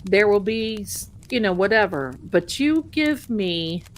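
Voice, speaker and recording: A woman's voice: mid-range voice, animated, unhurried. Chatty woman hosting a tarot live stream. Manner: chatty and rambling, greets viewers as "my darling". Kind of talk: casual live-stream chat.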